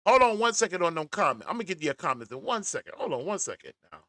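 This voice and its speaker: A man hosting a reaction commentary, animated, often pausing the clip to talk. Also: sits high, no room sound, studio quality. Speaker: commentary channel host. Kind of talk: reaction commentary on a played call.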